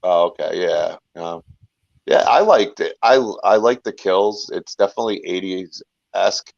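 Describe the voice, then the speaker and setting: A man's voice: deep voice, moderate pace, gravelly. A man talking as a guest in a casual chat, rambling and talkative, often restarting his sentences. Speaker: guest, filmmaker and YouTuber. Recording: dull lo-fi sound.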